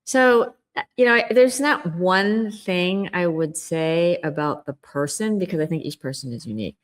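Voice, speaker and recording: A woman's voice: lowish voice, moderate pace. A middle-aged woman guest on a podcast interview, explaining a communication skill in an earnest, emphatic way and acting out quoted inner voices.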